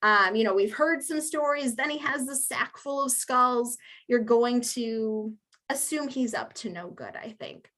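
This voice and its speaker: A woman with a fairly high voice gives a relaxed public history talk. She tells her stories in a chatty, amused way, full of ums and asides. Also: measured pace. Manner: chatty, amused, with many fillers. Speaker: museum lecture speaker.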